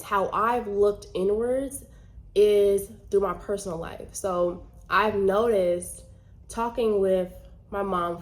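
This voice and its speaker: A woman's voice: medium pitch, a little mellow. Woman vlogger, casual and earnest, chatty delivery with many fillers. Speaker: vlogger and trader. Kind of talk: casual talk to camera.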